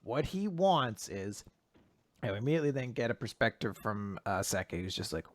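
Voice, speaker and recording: A man casually retelling a manga chapter on a podcast, animated and acting out the lines as he goes. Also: fairly low pitch, normal speed, no room sound. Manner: animated, slips into character voices when retelling. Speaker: podcast host. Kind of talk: casual manga recap chat.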